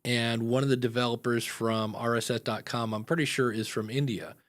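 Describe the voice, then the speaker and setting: A man's voice: mid-range voice, steady tone, a little fast, a bit bright. An American man hosting a podcast, talking casually and rambling with lots of fillers. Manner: rambling, chatty, many fillers. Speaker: podcast host.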